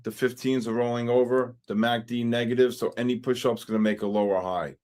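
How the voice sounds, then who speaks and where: Brisk and medium-pitched, this New York host chats his way through a live trading session on stream. Expect rambling, wisecracks, and animated storytelling between market calls, plus plenty of asides to chat.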